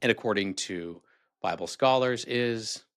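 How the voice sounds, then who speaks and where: A man's voice: lowish voice, a little slow, a bit bright, dry recording, clean studio sound. A man hosting a video, giving sarcastic, rambling, critical commentary. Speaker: video host. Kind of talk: casual commentary.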